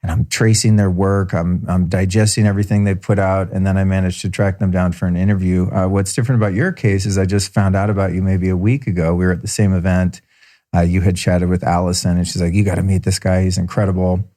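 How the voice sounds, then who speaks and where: A man's voice: sits low, flat delivery, fast, warm tone. A man hosting a podcast, reading an intro and then interviewing his guest with effusive enthusiasm. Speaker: podcast host.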